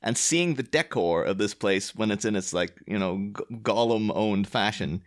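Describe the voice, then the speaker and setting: A man's voice: lowish voice, expressive, normal speed. A man co-hosting a podcast, talking in a chatty, rambling way full of fillers. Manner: chatty, rambling with many likes. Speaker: podcast co-host. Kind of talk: casual chat.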